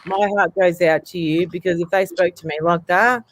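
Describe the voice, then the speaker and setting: High-voiced man, earnest and supportive. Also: steady tone, moderate pace, a bit bright, slight background noise. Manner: earnest, supportive, swears casually. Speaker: co-host. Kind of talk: casual chat on a live stream.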